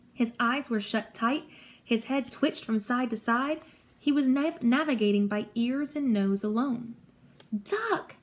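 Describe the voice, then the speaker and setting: Woman reading a story aloud, slightly high. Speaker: audiobook reader. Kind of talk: first-person story narration.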